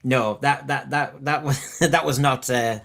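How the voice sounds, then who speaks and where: A man's voice: medium pitch, fairly even intonation, unhurried, vocal fry, fairly bright tone. A man with a mid-range voice, hosting a casual podcast chat. He talks in a wry, storytelling way, with dry humour in his delivery. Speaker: podcast host.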